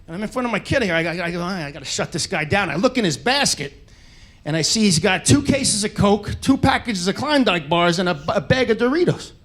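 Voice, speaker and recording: High-voiced animated stand-up comedian man. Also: brisk. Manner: animated, shouts punchlines, acts out characters. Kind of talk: stand-up storytelling. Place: comedy stage.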